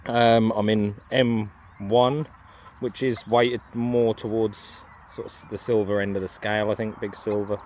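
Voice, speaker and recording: A man with a somewhat low, flat, unhurried voice and a slightly mellow tone chats casually while setting up and using a metal detector in an open farm field. He rambles and hesitates, with lots of ums and self-corrections, and there's a bit of background noise.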